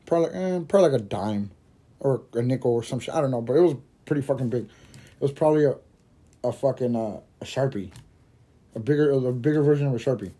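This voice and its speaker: Stoned male podcaster, loose rambling delivery, curses constantly, mellow tone. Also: mid-range voice, lively intonation, fast talker. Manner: rambling, heavy swearing, laughs at own jokes. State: high while smoking. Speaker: podcast host. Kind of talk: casual storytelling monologue.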